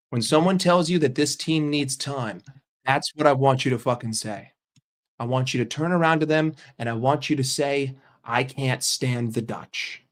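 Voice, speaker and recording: A young man ranting in a football vlog, swearing and mocking in an exasperated way. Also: on the high side. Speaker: football vlogger.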